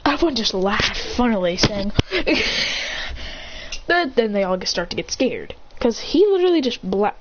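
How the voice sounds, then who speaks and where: A woman's voice: mid-range voice, sing-song, fairly quick, hardly any pauses. Woman telling a made-up story, all over the place, lots of ums, sounds kinda muffled. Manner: rambling, many fillers and restarts, acts out the characters' lines. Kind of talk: excited improvised storytelling. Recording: dull lo-fi recording with faint noise.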